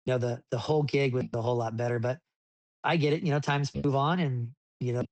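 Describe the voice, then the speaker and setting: A man's voice: medium pitch, fast, no echo. Rambling man, dry close mic. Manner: rambling with frequent restarts, animated when retelling. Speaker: desert racing driver, podcast guest. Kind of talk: casual interview storytelling.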